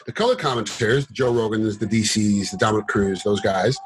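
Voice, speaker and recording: A middle-aged man, a former fighter turned commentator and referee, telling stories in a casual interview, animated and rambling with fillers. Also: on the low side, brisk, background noise. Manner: animated, acts out quotes in a raised voice; rambling with many fillers and restarts.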